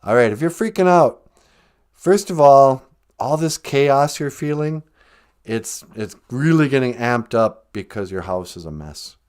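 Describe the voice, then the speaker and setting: A man's voice: mid-range voice, animated, a little slow, a little mellow, clear, resonant tone. A man hosting a podcast, musing in a laid-back, self-mocking way. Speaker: podcast host. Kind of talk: casual chat.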